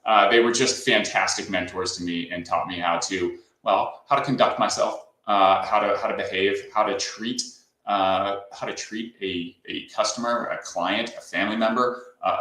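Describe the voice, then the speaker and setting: A company founder from Southern California, guesting on a casual interview, tells stories and keeps tacking "right?" onto his lines. His deep voice comes out pushed and bright, captured in a roomy space on a rough recording.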